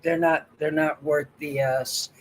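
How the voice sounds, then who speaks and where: A man's voice: a little high, flat delivery, unhurried, a little hiss or hum, poor audio. A man hosting a casual livestream, talking with a partner, laughing often and cursing freely. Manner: profane, laughing often, bantering. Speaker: livestream host.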